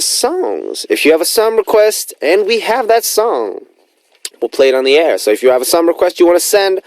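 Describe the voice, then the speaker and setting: A man's voice: a little mellow, dry recording, poor audio. A man in his twenties hosting a radio music show, upbeat and enthusiastic in a studio. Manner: bouncy, enthusiastic, big pitch swings. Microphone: studio microphone.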